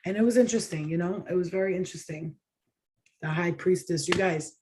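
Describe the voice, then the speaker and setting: A woman's voice: on the low side, fairly quick, noisy background. A woman giving a channeled tarot reading, talking in an effusive, emotional and dramatic way, with the odd swear word. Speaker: tarot reader.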